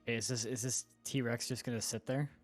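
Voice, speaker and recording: A man playing in a tabletop game, tossing in quick, joking remarks. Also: mid-range voice, steady tone, soft background music. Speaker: player. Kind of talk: casual tabletop game chat.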